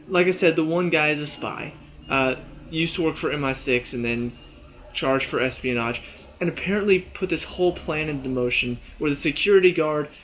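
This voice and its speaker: A man with a fairly high voice talks through a TV episode review in a loose, chatty way, dropping "you know" and "uh" as he goes. The recording is slightly dull and lo-fi. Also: a bit bright, a little hiss or hum. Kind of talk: casual spoken review.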